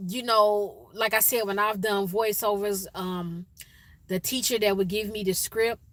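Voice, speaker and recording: A woman's voice: mid-range voice, fairly even intonation, measured pace, fairly bright tone, no room sound. A woman with a Chicago accent hosting a casual livestream, chatting with viewers and greeting them by name. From Chicago, USA. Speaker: livestream host.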